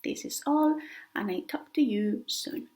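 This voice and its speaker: A woman's voice: on the high side, animated, a little slow, a little mellow, in a whisper, poor audio. A woman teaching a beginner language lesson, carefully repeating example words to show how they sound. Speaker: Spanish teacher.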